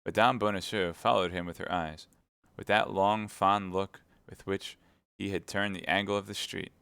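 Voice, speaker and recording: A man reading a classic novel aloud on a live stream, steady narration with chatty asides to viewers. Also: low voice, normal speed, gravelly, clear, resonant tone, no room sound.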